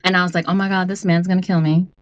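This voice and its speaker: A woman's voice: on the low side, little pitch movement, very fast, no room sound, dull audio. A woman from Puerto Rico, a podcast guest telling a rideshare story in casual chat, acting out the voices and swearing freely.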